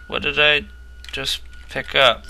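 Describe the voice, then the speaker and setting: A man's voice: medium pitch, little pitch movement, slow, gravelly. A man hosting a gaming channel, giving casual commentary on a horror game in a rambling way and getting easily startled. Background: game music.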